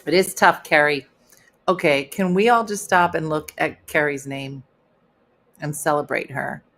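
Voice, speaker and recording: Low-voiced woman hosting a playful chat. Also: measured pace. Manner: playful, teasing, deadpan asides. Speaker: host. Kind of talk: casual livestream chat reading comments.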